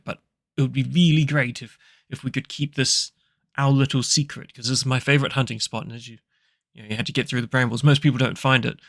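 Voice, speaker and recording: A man's voice: mid-range voice, vocal fry, fairly bright tone, no room sound, clean studio sound. Man voicing a stammering dwarf innkeeper, Haldrick. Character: dwarf innkeeper man, mustached, secretive hunter.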